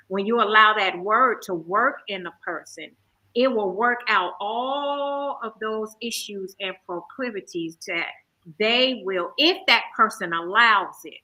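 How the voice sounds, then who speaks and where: A woman hosting a casual Bible discussion, talking in an animated and emphatic way. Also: mid-range voice, poor audio. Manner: animated, emphatic, hollers with laughter. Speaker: host.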